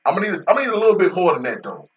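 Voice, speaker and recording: Animated man joking through game commentary. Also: sits high, rapid-fire, far from the mic, dull audio. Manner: joking banter with an unseen in-game agent, AAVE-flavored casual speech. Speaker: gaming video host. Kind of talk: casual gameplay commentary.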